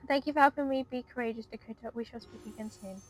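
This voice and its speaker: A woman's voice: fairly high pitch, fast talker, a little mellow, a little hiss or hum, lightly acted, low-quality recording. A woman reading aloud the lines of an earnest, resolute young noblewoman in a game.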